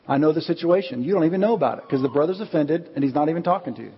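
Husky-voiced pastor preaching in a reverberant hall. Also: male voice, a little high, lively intonation. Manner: earnest, slows down to stress key points. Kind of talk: sermon. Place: church sanctuary. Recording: long hall reverb, dull lo-fi sound.

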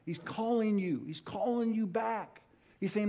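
High-voiced man preaching a sermon. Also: a little slow, lo-fi sound. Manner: storytelling, emphatic, swings from hushed to loud; engages audience with call-and-response.

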